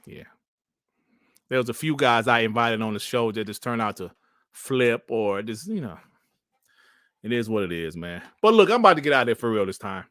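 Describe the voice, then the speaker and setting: A man's voice: medium pitch, expressive, normal speed, long pauses, a bit bright, dry recording, studio quality. A man hosting a casual live stream, laughing often and trash-talking with plenty of swearing. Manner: laughing, profane trash talk.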